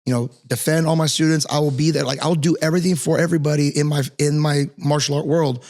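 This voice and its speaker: A man's voice: on the high side, steady tone, fast talker, a little mellow. A man hosting a casual interview podcast, talking earnestly and rambling with many restarts and fillers. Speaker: podcast host and martial arts instructor.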